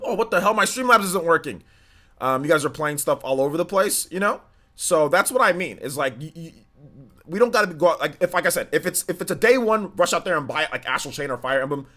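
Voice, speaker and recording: Male streamer, relaxed and slangy, chats with his viewers as if they were friends in the room. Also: fairly high pitch. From United States. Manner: chatty, slangy, talks straight to viewers. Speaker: live-stream gaming host. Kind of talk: casual live-stream chat.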